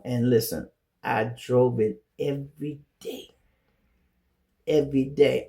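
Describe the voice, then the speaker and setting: A middle-aged man with a Chicago accent telling casual stories as a show host, acting out quoted voices. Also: fairly high pitch. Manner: animated, acts out quoted voices. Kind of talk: casual storytelling monologue.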